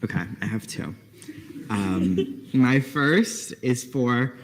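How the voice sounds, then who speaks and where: A young man with an average, even voice gives relaxed thank-yous to classmates. He sounds easygoing and a little amused, chuckling now and then. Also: medium pitch, slow, a little hiss or hum. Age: young adult. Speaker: student senator. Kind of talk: casual shout-outs at a meeting.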